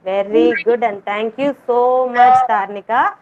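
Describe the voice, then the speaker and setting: A woman's voice: fairly high pitch, fairly even intonation, unhurried, phone-quality sound. A woman teaching a kindergarten class over a video call, coaxing the children with sing-song, repeated questions. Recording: noisy video call audio.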